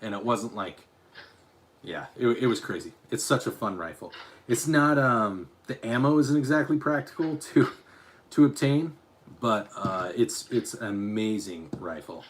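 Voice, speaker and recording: A man's voice: medium pitch, lively intonation, measured pace, slight background noise. A man from Utah chatting on a live stream, reading his chat aloud and rambling through restarts and asides. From Utah, USA.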